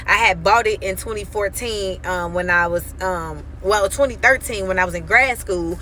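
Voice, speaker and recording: A woman in her thirties giving an animated, emphatic faith testimony on her vlog, acting out quoted dialogue as she tells the story. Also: medium pitch, moderate pace, a little hiss or hum. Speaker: vlogger.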